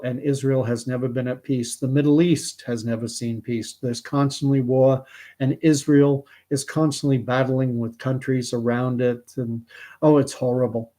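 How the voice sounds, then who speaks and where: A man's voice: medium pitch, warm tone, lightly acted. A man doing a weary old man's plea. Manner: earnest, pleading storyteller's voice. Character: weary 74-year-old man begging a genie.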